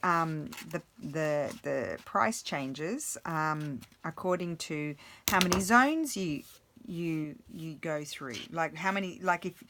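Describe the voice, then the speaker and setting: A woman's voice: fairly low pitch, fairly bright tone, a little hiss or hum. A woman in her forties chatting casually about her day while crafting, rambling with many fillers and restarts. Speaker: craft vlogger.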